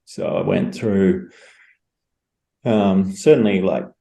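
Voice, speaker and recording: A man in his forties with an Australian accent, a guest osteopath explaining things in a relaxed, chatty way with frequent restarts. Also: deep voice, takes it slowly, creaky. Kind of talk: casual interview explanation. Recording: roomy echo.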